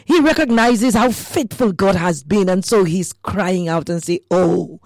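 A woman hosting a radio devotion, praying and preaching with slow, emphatic rhetorical questions. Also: mid-range voice, no echo. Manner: fervent preaching with prayers and scripture.

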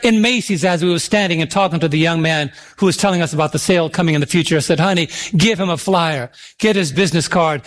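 Middle-aged preacher guy, high voice, stretches out the scripture lines, gets the crowd to answer back. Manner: emphatic, drawn-out scripture reading; calls for audience responses. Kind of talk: sermon.

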